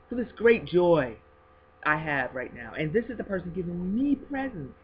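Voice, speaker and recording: A woman talking on her faith video blog at home, expressive and swinging from hushed to excited as she speaks of God and blessings. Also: sits low, normal speed, lo-fi sound, slight background noise. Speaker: video blogger.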